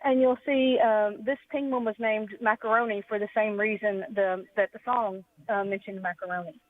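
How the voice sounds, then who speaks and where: A woman's voice: medium pitch, steady tone, normal speed. A woman calling in to a radio show, explaining at length with many hesitant ums. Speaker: caller. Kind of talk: phone call to a radio show. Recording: tinny phone line.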